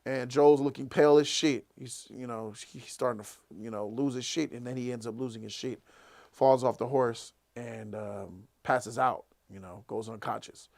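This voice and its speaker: A man hosting a casual live after-show, excitedly retelling an episode and acting out the characters' lines. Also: medium pitch, normal speed, vocal fry. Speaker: show host.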